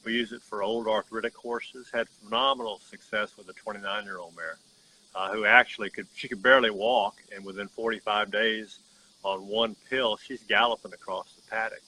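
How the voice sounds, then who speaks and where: A man who runs a horse farm telling a story outdoors in an earnest, folksy way with halting restarts, insects chirping behind him. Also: on the low side, steady tone, bright, forceful tone, slightly rough, low-quality recording. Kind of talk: casual storytelling testimonial.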